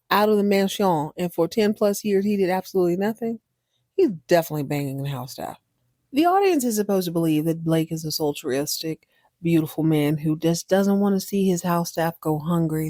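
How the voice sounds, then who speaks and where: A woman's voice: lowish voice, darkish tone, dry recording, studio quality. A woman hosting a podcast, recapping a TV drama in a sassy, playful, joking way and briefly acting out the characters. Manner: sassy and playful, voicing characters in quick bursts. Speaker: podcast host recapping a TV series. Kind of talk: casual comedic recap.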